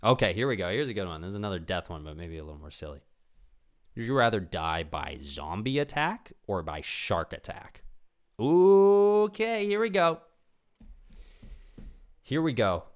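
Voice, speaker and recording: A young man hosting a solo podcast in a casual ramble, often dropping into quick imitations of other people. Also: low voice. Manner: rambling, animated, acts out voices of people he imagines. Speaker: podcast host.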